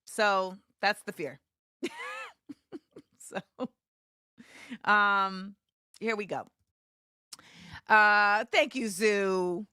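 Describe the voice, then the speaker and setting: A woman hosting a live show, chatting casually with viewers and shouting them out with bursts of excitement. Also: medium pitch, very slow, long pauses, clean tone, no echo, clean studio sound. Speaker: livestream show host.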